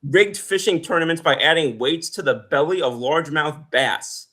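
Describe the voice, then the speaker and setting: A man with a slightly raised pitch and a bright tone reads viewer comments on a casual talk show. He rambles with many fillers and jokes along the way. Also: moderate pace. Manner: rambling, filler-heavy, joking. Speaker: podcast co-host reading viewer comments. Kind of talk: casual chat.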